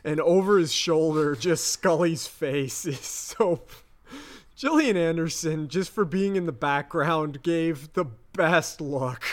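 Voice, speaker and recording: A man co-hosting a podcast, recapping a TV episode in a chatty, laughing way with some swearing. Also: on the high side. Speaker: podcast co-host.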